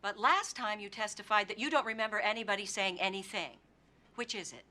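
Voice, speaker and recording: A woman's voice: mid-range voice, lively intonation, a little fast, bright, forceful tone. An actress playing a female prosecutor cross-examining a defendant with pointed, probing questions in a TV movie courtroom drama. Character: sharp, relentless female prosecutor.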